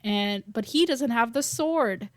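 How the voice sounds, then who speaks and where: A woman's voice: a little high, lively intonation, slow, no echo. A woman, a podcast guest, recapping a book in casual chat, rambling into tangents and laughing between phrases.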